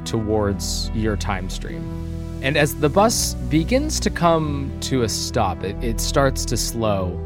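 A man running a tabletop role-playing game as game master, narrating scenes in a measured, descriptive way with casual asides. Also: mid-range voice, sing-song, music in the background.

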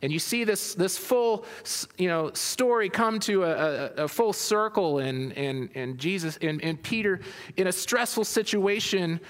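A man's voice: high voice, lively intonation, unhurried, big-room sound. A man preaching a sermon, reading scripture aloud and then expounding on it with frequent restarts. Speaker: pastor.

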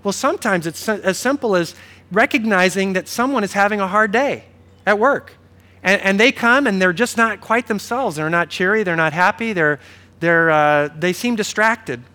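Male pastor, high-pitched and bright, conversational sermon delivery. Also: moderate pace. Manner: conversational, animated storytelling with quoted dialogue.

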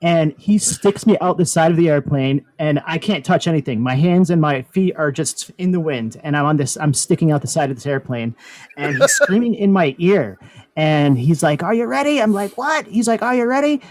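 A man's voice: fairly high pitch, expressive, moderate pace, a little mellow, slight background noise. A man on a casual talk show, telling a long rambling story full of fillers and laughs. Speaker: podcast co-host.

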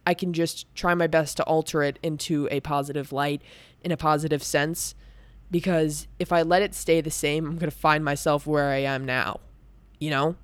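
A woman's voice: low-pitched, fairly even intonation, normal speed, no echo. A young woman talking candidly and at length about her own feelings, rambling with many restarts and filler words. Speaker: podcast host. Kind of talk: candid personal talk.

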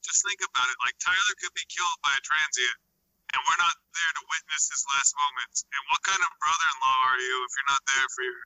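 A man's voice: on the high side, a little fast, pushed and bright, poor audio. A man joking with friends in casual banter, mock-formal and swearing freely.

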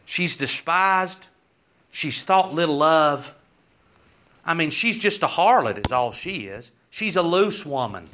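A man's voice: on the high side, expressive, slow, sharp tone, muffled recording. A man preaching a sermon in a folksy style, asking the congregation pointed rhetorical questions. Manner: folksy, rhetorical questions, rising to emphatic peaks.

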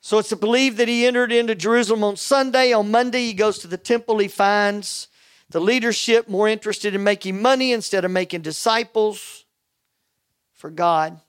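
A man preaching a sermon, telling a personal story with animated quoted dialogue. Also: high-pitched, moderate pace, smooth, no echo, clean studio sound. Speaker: pastor.

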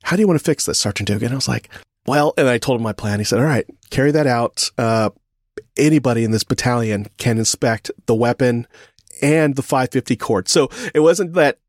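Guy telling a lively army story, acting out the quotes, mid pitched voice, dry mic. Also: fairly quick, no room sound. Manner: animated storyteller, acts out quotes, laughs often. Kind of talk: casual storytelling chat.

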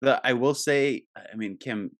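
A man co-hosting a podcast in casual chat, joking and expressive. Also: mid-range voice, unhurried, no echo, clean studio sound.

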